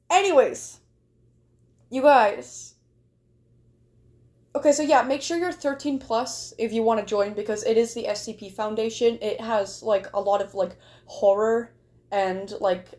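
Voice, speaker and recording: Chatty woman livestreamer, higher voice. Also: steady tone, slow pace, darkish tone. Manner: rambling, chatty, heavy use of "like". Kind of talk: casual livestream chat.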